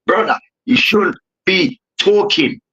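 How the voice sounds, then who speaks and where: A man's voice: high voice, animated, slow, bright, forceful tone. A young man hosting a heated sports debate, ranting and swearing as he talks. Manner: ranting, profane, repeats "hear me now". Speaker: debate show host. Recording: dull lo-fi recording.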